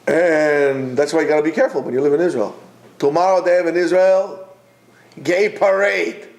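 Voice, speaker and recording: A man's voice: fairly high pitch, normal speed, creaky, darkish tone. A man giving an informal Torah class, emphatic and rhetorical, who repeats his points and often restarts his sentences. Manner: talks directly to absent listeners. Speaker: Torah teacher.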